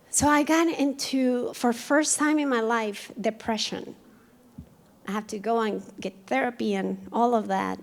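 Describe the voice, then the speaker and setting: A woman's voice: fairly high pitch, moderate pace. A woman from Colombia with a thick Colombian Spanish accent, a Spanish native speaker who founded a dance company, telling her personal story to an audience at a museum event and acting out the dialogue. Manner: animated, acting out quoted dialogue.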